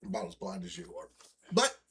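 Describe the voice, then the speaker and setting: A man's voice: low voice, huge pitch swings, fast, fairly bright tone, a little hiss or hum. A man co-hosting a casual podcast, joking and teasing in playful banter. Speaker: co-host.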